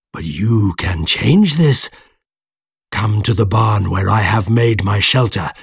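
A man voicing a huge, lonely male monster who pleads slowly and menacingly in an audiobook reading, with a husky, gravelly voice. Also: medium pitch, no echo, clean studio sound, full character voice. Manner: slow, drawn-out pleading delivery. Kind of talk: audiobook character voice.

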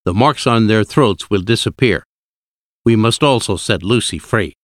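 A man's voice: lowish voice, animated, moderate pace, dry recording, studio quality, lightly acted. A man reading the part of an elderly vampire-hunting professor, solemn and firm. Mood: grave.

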